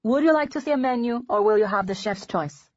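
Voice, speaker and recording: A tall young waiter with a playful, flourishing manner, as a woman reads him aloud in an audiobook. His voice sits higher than her narration and carries an eager lift. The recording is dry and a little dull. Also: sing-song, fast, gravelly, breathy edge, no room sound, exaggerated voice. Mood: charming. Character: tall young male waiter, charming and theatrical.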